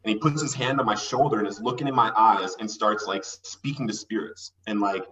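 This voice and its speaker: A man recounts his story with excitable energy, slipping into the voices of people he quotes. His voice is bright and forward, and he sits a little back from the mic. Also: fairly low pitch, brisk, distant mic, poor audio. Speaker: podcast guest. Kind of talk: animated storytelling.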